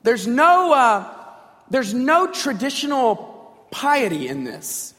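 A man's voice: extremely high pitch, wildly swooping pitch, slow, sharp tone. A man preaching a sermon in a direct, conversational way, often asking the audience questions. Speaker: pastor. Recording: long reverb in a large hall.

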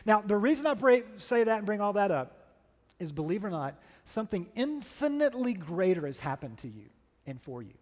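A pastor preaching a sermon, telling stories with animated energy and checking in with "right?". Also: male voice, sits high, a little fast, in a large hall. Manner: animated storytelling, keeps asking "right?".

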